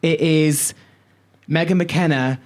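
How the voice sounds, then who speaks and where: A man co-hosting a podcast in a studio, telling stories in an animated, casual way and swearing freely. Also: fairly high pitch, slow pace. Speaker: podcast co-host. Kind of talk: casual chat.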